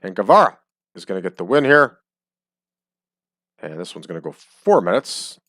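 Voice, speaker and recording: A man's voice: sits low, very animated, moderate pace, a bit bright, dry recording, studio quality. A man giving casual, chatty commentary while he plays a game, joking and using frequent ums. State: hiccups. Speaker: game streamer. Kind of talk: casual let's-play commentary. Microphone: desk microphone.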